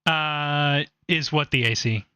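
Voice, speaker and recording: Bright, dry-voiced male game master. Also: fairly high pitch, slow pace, smooth, no echo. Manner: playful, teasing, laughs often. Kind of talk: running a tabletop game.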